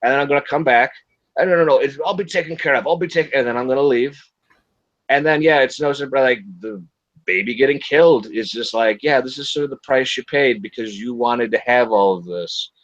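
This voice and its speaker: A brisk, medium-pitched man reviews a film on his casual livestream podcast, swearing freely, speaking bluntly, and animatedly acting out quotes. The livestream audio is dry and dull lo-fi with no room sound.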